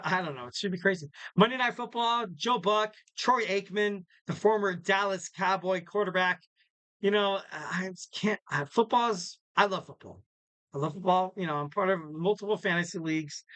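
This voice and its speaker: A man's voice: high-pitched, pushed and bright, no echo, poor audio. A young man hosting a casual sports podcast, rambling through his sign-off with jokey, self-deprecating asides. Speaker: podcast host.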